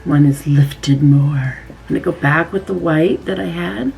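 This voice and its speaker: A woman's voice: low voice, unhurried, creaky, darkish tone, soft background music, poor audio. A woman casually talking through her makeup routine step by step, chatty and easygoing as she demonstrates. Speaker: beauty vlogger.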